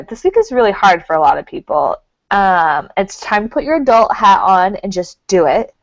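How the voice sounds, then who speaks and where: A woman's voice: medium pitch, very animated, moderate pace, dry recording. A woman co-hosting a casual talk show as the psychic, chatty and giggly. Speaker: co-host, psychic. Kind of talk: casual chat. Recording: dull lo-fi sound.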